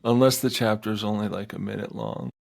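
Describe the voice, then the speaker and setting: A laid-back man chats on a podcast with a gravelly, creaky edge to his fairly low voice. He hedges often and fills his talk with casual fillers. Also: brisk. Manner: relaxed, hedging, lots of "like". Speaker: podcast co-host, audiobook narrator.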